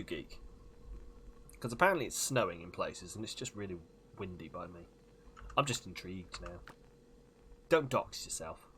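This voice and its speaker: A man's voice: sits low, expressive, moderate pace, pauses often, a bit bright, a little hiss or hum. A man chatting casually while streaming a game, self-deprecating and jumping between topics. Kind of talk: casual gaming stream chat.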